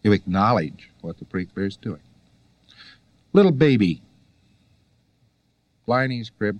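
A man's voice: medium pitch, lively intonation, normal speed, long pauses, no room sound, highs cut off. Wry male lecturer, dry sound. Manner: conversational, rhetorical questions, wry asides. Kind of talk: recorded lecture to students.

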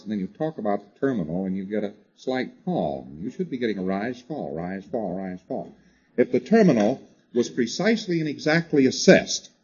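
A man's voice: mid-range voice, a little mellow, slightly rough, muffled recording. A man lecturing a class in a conversational way, driving his points home with repetition and frequent "you see" asides.

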